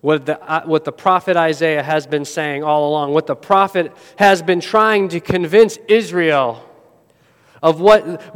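Male pastor preaching, high smooth voice, big echoey church, goes loud then real quiet. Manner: dramatic storytelling, swings from loud to hushed. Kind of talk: sermon. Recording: long hall reverb.

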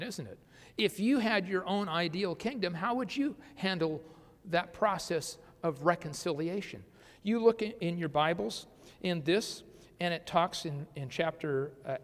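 A pastor giving a conversational sermon, asking the congregation rhetorical questions and often restarting his phrases. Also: high voice. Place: church sanctuary. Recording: long hall reverb.

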